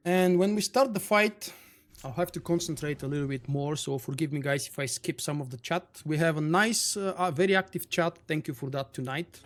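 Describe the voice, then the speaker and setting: A man's voice: on the high side, fairly quick. A man streaming a game live, chatting casually with viewers, greeting them by name and answering their messages. English is not his first language. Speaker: livestream gamer reading chat. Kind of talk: casual live-stream chat over gameplay.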